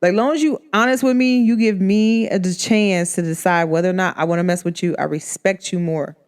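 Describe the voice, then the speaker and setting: A woman with a lowish, clear, resonant voice speaks fairly quickly as she hosts a podcast. Her casual monologue is animated storytelling, and she acts out the people she quotes.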